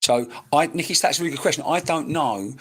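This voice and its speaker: A man's voice: fairly high pitch, fast talker, a bit bright, husky. Chatty man giving a live reading. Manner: chatty, searching, talks straight to viewers by name. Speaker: psychic medium. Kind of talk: live-streamed mediumship reading. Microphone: computer microphone.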